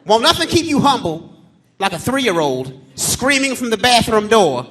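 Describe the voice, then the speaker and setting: A man in his thirties doing live stand-up comedy on a theater stage, telling loud, profane stories about his kids and acting them out in squeaky shouts. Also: big pitch swings, normal speed, over a noisy crowd, very noisy. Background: live audience laughter.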